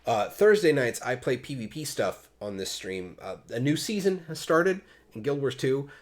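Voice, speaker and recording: A man's voice: medium pitch, lively intonation, moderate pace. A man from Pennsylvania hosting a casual gaming podcast, rambling and poking fun at himself as he hands the talk around. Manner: rambling, self-mocking and jokey. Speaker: podcast host.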